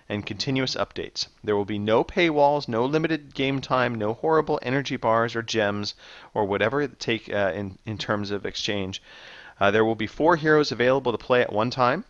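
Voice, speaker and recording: A man's voice: mid-range voice, dry recording, muffled recording. A man co-hosting a gaming podcast, reading out news and quizzing his co-hosts in a teasing, game-show way. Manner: animated, teasing quiz-show delivery. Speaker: podcast co-host running a quiz. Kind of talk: casual gaming chat.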